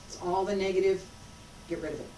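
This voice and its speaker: A woman teaching a qigong class, guiding breath and movement with slow, coaxing, drawn-out phrases and long pauses. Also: medium pitch, fairly even intonation, dark tone, a little hiss or hum. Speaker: qigong instructor. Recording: roomy sound from a distant mic.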